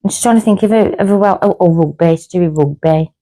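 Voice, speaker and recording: A woman's voice: fairly low pitch, fast talker. Chatty Brummie woman podcast host. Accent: Birmingham. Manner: chatty, rambling, lively storyteller. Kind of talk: casual chat.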